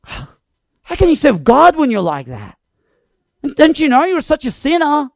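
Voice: high-pitched, huge pitch swings, a little slow, no room sound, clean studio sound, voice pushed up, full character voice. A preacher voicing the devil taunting a believer as unworthy. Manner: taunting, accusing. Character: sneering accusing devil, male.

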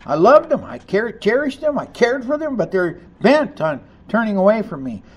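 A man preaching a sermon, reading scripture aloud and commenting on it, rising to loud emphasis on key lines. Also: high voice, very animated, moderate pace, breathy edge, highs cut off. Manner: reads scripture aloud and comments between passages.

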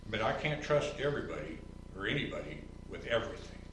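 A man preaching a sermon as pastor, building from calm reasoning to loud, rising emphasis and mimicking others in a higher voice. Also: fast talker, roomy sound, distant mic, a little hiss or hum, rough recording. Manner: mocking quotes in a higher voice.

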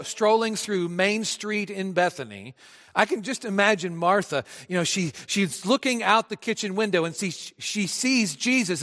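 A man preaching in a lively, conversational way, turning often to speak straight to his congregation. His voice sits a touch high for a man. It carries through a large church hall with long reverb. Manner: conversational, animated, addresses the congregation directly. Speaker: pastor. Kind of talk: sermon.

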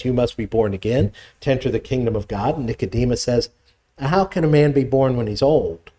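A man's voice: medium pitch, mellow. A middle-aged male pastor preaching a sermon, reading scripture aloud and explaining it with conversational asides.

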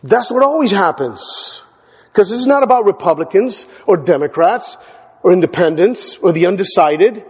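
A male pastor preaching a sermon, emphatic, hammering words through repetition and building to near shouts. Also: high voice, animated, moderate pace, breathy edge. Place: church sanctuary. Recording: church hall with long reverb.

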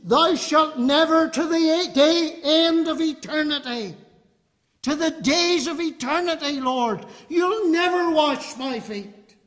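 A man preaching and acting out an indignant male apostle who protests slowly, with long hall reverb. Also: very high voice, fairly bright tone, voice pushed up, exaggerated voice. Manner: slow, stressed, protesting. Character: indignant male apostle refusing his master.

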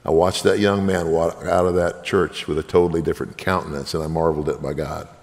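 Man, minister, earnest testimony; deep, rough voice in a reverberant church. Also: level tone, fairly quick, darkish tone. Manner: earnest, preaching, direct appeals to listeners. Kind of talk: sermon testimony.

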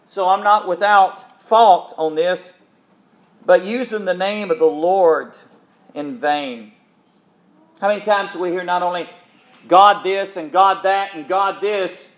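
Male preacher, higher voice, earnest sermon delivery with repetitions and pauses. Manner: earnest, pausing, repeats words, addresses listeners as beloved.

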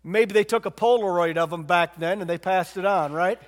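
A man's voice: high voice, normal speed, long reverb tail. A man preaching a sermon in a conversational way, retelling a Bible story and asking his listeners questions. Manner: conversational, asks the congregation questions.

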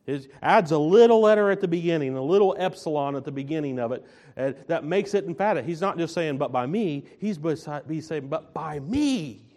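A man preaching a sermon, slow and emphatic, stressing and repeating his key phrases. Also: fairly high pitch, darkish tone.

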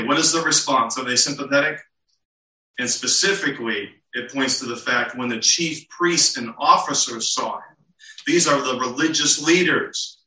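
Bright-voiced male preacher in an echoey hall. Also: mid-range voice. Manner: asks rhetorical questions, acts out quotes. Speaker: pastor. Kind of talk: expository sermon. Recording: echoey room, mic at a distance.

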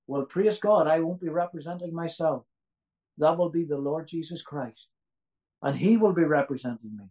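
A man's voice: a little high, moderate pace, warm tone, rough recording. A man delivers a sermon in a slightly raised voice. He is earnest and doubles back on key phrases for emphasis. He often turns to his listeners with rhetorical questions. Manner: asks the audience rhetorical questions. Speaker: preacher.

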